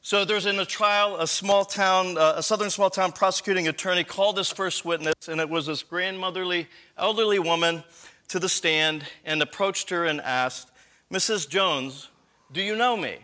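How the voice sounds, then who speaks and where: A man with a high, bright voice gives a live conference talk. He lectures conversationally, poses rhetorical questions to the room and often corrects himself mid-sentence. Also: fairly even intonation, normal speed. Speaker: conference speaker on church leadership.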